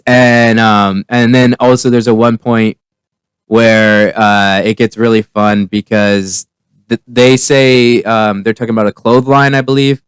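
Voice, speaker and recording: A man's voice: mid-range voice, steady tone, normal speed, clean tone, no room sound. A man giving a casual, rambling spoken review, often restarting his sentences. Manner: rambling, with many restarts and fillers. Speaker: TV comedy reviewer.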